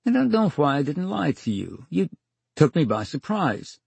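Older man, radio guest, lively animated pitch, slightly husky, dry studio sound. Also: normal speed, no echo. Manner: theatrical storyteller, acts out dialogue, wry. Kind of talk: storytelling in a radio interview.

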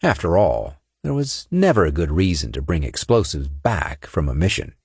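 A man narrating a science-fiction audiobook with expressive storytelling and character voices. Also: low-pitched, moderate pace, husky, no room sound, clean studio sound.

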